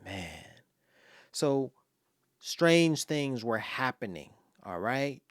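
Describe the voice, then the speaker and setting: A man's voice: medium pitch, measured pace, no echo. Dry-sounding man telling stories casually. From Los Angeles. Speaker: poet commenting on his own poem. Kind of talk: casual spoken commentary and poetry reading.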